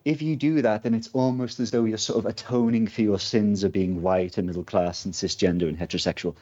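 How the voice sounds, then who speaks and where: A man's voice: on the low side, steady tone, fairly quick, dark tone, dull audio. A man from Britain talking casually as a guest, rambling with many fillers and asides. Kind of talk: casual conversation.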